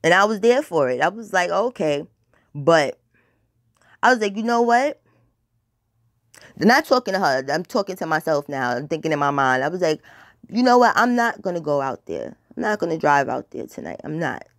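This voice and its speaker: A woman's voice: low voice, very animated, normal speed, no echo, clean studio sound. A woman telling a casual personal story in a blunt, profane, dramatic way, rambling with filler words. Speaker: storytime vlogger.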